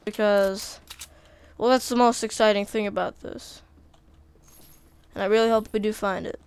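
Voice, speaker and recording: A woman giving casual, chatty commentary while playing a video game, easily excited by what she finds. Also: medium pitch, moderate pace, clear, resonant tone. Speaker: gaming video creator.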